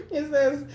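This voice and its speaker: A woman's voice: sits high, a little hiss or hum. A woman giving a casual spiritual card reading, blunt and profane, often laughing and ending lines with "okay?". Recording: roomy echo.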